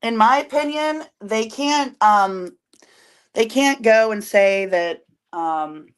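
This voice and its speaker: A woman's voice: on the high side, lively intonation, slow, smooth. Irritated, swearing woman co-host. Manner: irritated, profane, blunt. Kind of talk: casual live-stream chat.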